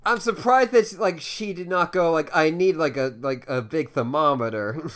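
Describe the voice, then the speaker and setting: A man's voice: a little high, moderate pace, a bit bright. A man on a casual film podcast making joking asides, with many "like" fillers. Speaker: podcast co-host. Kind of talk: casual chat.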